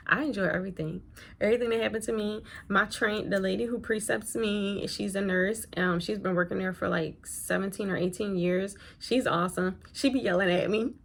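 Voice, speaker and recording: A woman's voice: mid-range voice, moderate pace, vocal fry. A woman who works as a nurse, chatting casually and rambling through a story while she does her makeup. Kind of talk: casual get-ready-with-me chat.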